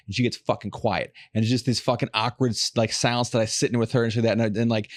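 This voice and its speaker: A man's voice: mid-range voice, level tone, no echo. A man hosting a podcast, telling long profane stories in casual chat. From Los Angeles area. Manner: profane, fast storytelling rants. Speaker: podcast host.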